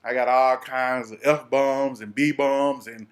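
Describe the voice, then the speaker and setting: Young Southern man, Atlanta accent, mid-pitched voice, spinning a comic personal story with lively exaggeration. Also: slow. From American South. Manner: animated, dialect-heavy, playful exaggeration. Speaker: vlogger.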